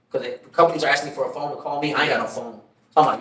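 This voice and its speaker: Guy on a podcast, high lively voice, swears a lot telling stories, echoey room kinda far from the mic. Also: racing. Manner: animated, profane, laughs while telling stories. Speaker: podcast co-host. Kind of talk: casual chat, storytelling.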